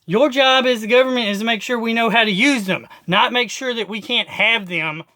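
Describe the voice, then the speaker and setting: A man delivers a political rant to camera with a bright, forceful edge. He hammers his points through repetition and profanity. His delivery stays emphatic throughout. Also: very high-pitched, fairly quick. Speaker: video host.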